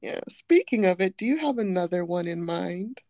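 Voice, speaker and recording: A young woman hosting a casual chat, playfully dramatic and quick to laugh. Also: on the low side, animated, dark tone, no echo, studio quality. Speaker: podcast host.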